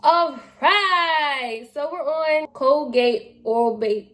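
Chatty, playful young woman vlogger, unhurried. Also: high voice, fairly bright tone. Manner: playful, chatty, slangy, laughs at herself. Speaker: beauty vlogger. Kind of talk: casual product review vlog.

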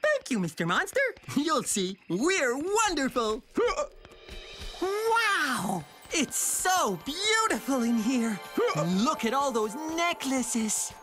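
A woman's voice: high voice, sing-song, takes it slowly, a bit bright, full character voice. A woman voicing a small, bubbly, playful cartoon hero in a children's show. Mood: cheerful. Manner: bubbly, playful, sing-song. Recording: cartoon soundtrack with music.

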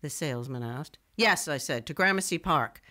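A young woman radio writer, wry and digressive, bright-toned narration. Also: low voice, expressive, moderate pace. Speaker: first-person narrator. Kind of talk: scripted first-person narration.

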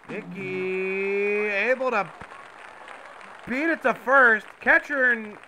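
A high-pitched man with a bright, sharp tone calls baseball video game action as a mock play-by-play announcer. He talks casually but swings into loud bursts of excitement. A faint background hiss sits under his voice. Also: slow pace, some chatter behind.

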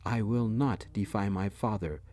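A man reading a stubborn father who yells back at his wife, in a deep, dark voice. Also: brisk, dry recording. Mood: angry. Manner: yelling, dismissive.

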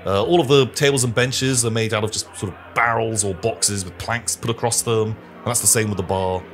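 A man narrating a tabletop game as game master in a relaxed, rambling way. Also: fairly low pitch, a little fast, faint music behind.

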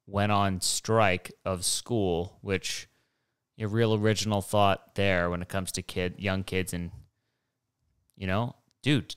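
A man's voice: low-pitched, a bit bright, clear, resonant tone, no room sound, clean studio sound. A young man rambling through a solo podcast monologue, digressive and profane, with mocking asides. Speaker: podcast host.

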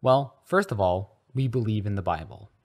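A man voicing an excitable, boastful schoolboy who pushes his beliefs loudly and insistently. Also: fairly low pitch, normal speed. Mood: excited pushy. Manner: eager, loud, insistent.

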